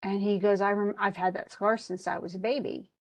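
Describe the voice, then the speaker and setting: A woman teaching a literature class in a relaxed, talkative lecture. She retells the story with lots of casual asides. Her voice sits at an ordinary middle pitch and moves between modern slang and quoted archaic lines. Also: fairly quick, no room sound. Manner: chatty plot retelling with frequent "he goes" asides. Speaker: literature instructor.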